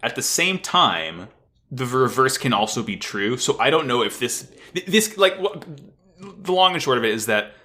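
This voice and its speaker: A male podcast co-host retelling an anime episode with lots of energy and plenty of swearing. His voice is bright and lively, swinging up and down as he tells the story. He laughs often and talks in a loose, casual way. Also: medium pitch, moderate pace. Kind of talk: casual anime recap chat.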